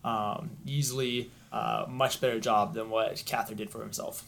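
A man's voice: on the low side, fairly even intonation, normal speed, creaky, a bit bright, a little hiss or hum. A man running a tabletop game, narrating scenes and calling for rolls. He talks in a hesitant way with frequent ums. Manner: hesitant, many ums while describing. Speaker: game master.

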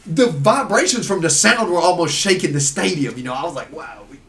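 A man's voice: on the high side, fast, vocal fry, far from the mic, over a noisy crowd. Rambling off-mic storytelling man. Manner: rambling, animated storytelling with lots of fillers. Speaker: guest. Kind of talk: casual storytelling.

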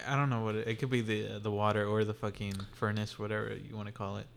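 A man's voice: fairly low pitch, little pitch movement, fast, gravelly, slight background noise. Off-mic man with dry interjections. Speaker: podcast co-host.

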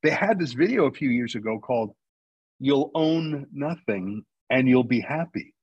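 A man's voice: mid-range voice, animated, normal speed, slightly rough, no room sound, dull audio. A man from Canada speaking as a guest in a radio interview, making his case in an argumentative, emphatic way and answering his own rhetorical questions. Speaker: guest, news company founder.

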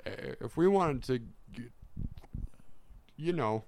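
A man's voice: mid-range voice, animated, slow. A man doing a comedic impression of a rambling, cranky elderly male president in a put-on Southern US accent. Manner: rambling, loud, scolding.

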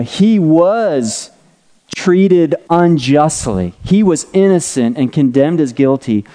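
Sketching a diagram on a board as he goes, a middle-aged pastor delivers a teaching sermon in a conversational style, peppering it with "right?" and "okay?". His mellow voice leans toward the high side.

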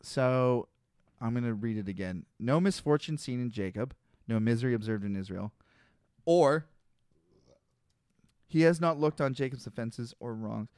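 A man's voice: mid-range voice, expressive, normal speed, pauses often, a little mellow, smooth, no room sound, clean studio sound. A man co-hosting a casual podcast, reading Bible passages aloud and bluntly arguing and mocking them. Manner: blunt, reads scripture aloud with mocking asides.

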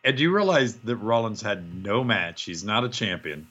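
A man's voice: lowish voice, sing-song, normal speed, pushed and bright, husky, muffled recording. A man co-hosting a casual podcast, making wry, grumbling remarks. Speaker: podcast co-host. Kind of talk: casual chat.

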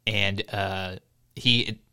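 A man's voice: lowish voice, fairly even intonation, drawn-out words, vocal fry, bright, forceful tone, smooth. A man co-hosting a casual podcast, reading a news article aloud and chatting, laughing often as he goes.

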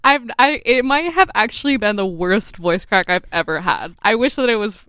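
A woman's voice: medium pitch, animated, moderate pace, sharp tone, clean tone. A young woman co-hosting a podcast in casual chat, laughing often and telling stories with animation. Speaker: podcast co-host.

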